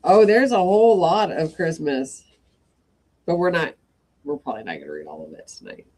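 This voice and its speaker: A woman's voice: low voice, expressive, normal speed, warm tone. A woman hosting a live evening story reading who chats with her viewers between passages and breaks in with apologetic asides. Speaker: host of an evening reading stream. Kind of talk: reading stories aloud to a live chat.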